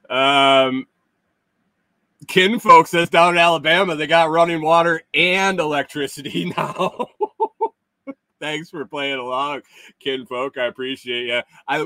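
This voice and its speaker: With a sharp tone and a mid-range voice, a middle-aged man runs a relaxed live stream, voicing chat comments and teasing the audience. His speech is punctuated by chuckles and stop-start restarts, recorded without echo.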